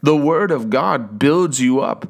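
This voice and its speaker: A man's voice: mid-range voice, expressive, slow pace, creaky. A man preaching a sermon in a fervent, conversational way, reading scripture and breaking into short spoken prayers.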